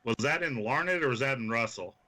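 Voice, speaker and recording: A man's voice: medium pitch, fairly quick. A man from Kansas, a wrestler guest, telling profane stories full of quoted voices in casual chat. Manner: animated, swearing anecdotes full of quoted voices.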